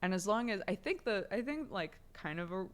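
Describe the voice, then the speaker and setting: A woman's voice: mid-range voice, animated, brisk. A young adult woman streamer chatting casually, telling a story with frequent laughter and the odd swear word. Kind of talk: casual chat.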